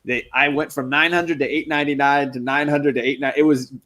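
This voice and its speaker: A man's voice: fairly high pitch, flat delivery, a little fast, pushed and bright. A man co-hosting a casual comic book live stream, upbeat and joking as he reads out names from the chat. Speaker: comic book show co-host.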